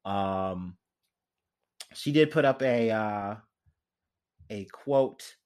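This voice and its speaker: A man's voice: fairly low pitch, extremely slow, a little mellow, clear, resonant tone. A young man hosting a casual podcast, rambling loosely with lots of fillers and swearing. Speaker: podcast host. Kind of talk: casual solo podcast chat.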